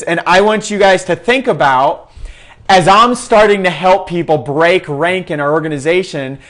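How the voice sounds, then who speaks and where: A man's voice: a little high, fairly bright tone. A young man giving a passionate, preachy recruiting talk to his sales team. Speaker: team leader in a sales network. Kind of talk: fervent recruiting pitch.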